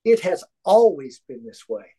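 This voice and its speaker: A man sharing his views in a spiritual study group, emphatic and halting, with many restarts. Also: high voice, sing-song, mellow, husky, poor audio. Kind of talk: heartfelt group discussion.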